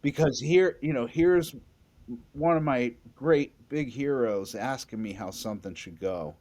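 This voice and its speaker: Excitable, story-telling bass musician, a man. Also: a little slow. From New England. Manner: animated, excitable, frequent restarts. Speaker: bassist guest. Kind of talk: storytelling in a podcast interview.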